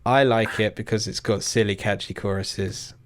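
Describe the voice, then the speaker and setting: A man's voice: on the low side, fairly even intonation, normal speed, no echo. A young man with a Southern English accent hosting a podcast, rambling, swearing and laughing as he chats. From England. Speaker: podcast host. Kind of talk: casual chat.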